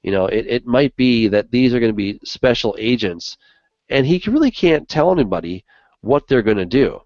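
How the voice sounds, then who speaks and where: A man's voice: mid-range voice, animated, moderate pace, darkish tone, no echo. A man co-hosting a Bible study show in casual discussion, talking earnestly with lots of "you know" fillers. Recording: dull lo-fi dry recording.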